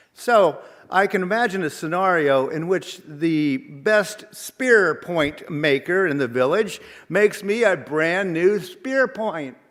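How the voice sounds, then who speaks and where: A man, a minister, giving a sermon in a measured, reflective way and asking many rhetorical questions. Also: fairly high pitch, a bit bright. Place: church sanctuary. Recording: long reverb of a large hall.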